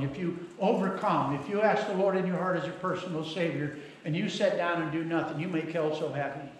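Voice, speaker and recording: A middle-aged male pastor preaching a sermon in a folksy storytelling manner, acting out the people in his stories. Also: fairly high pitch. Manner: folksy storytelling with acted quotes. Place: church sanctuary. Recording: very echoey church hall, faint noise.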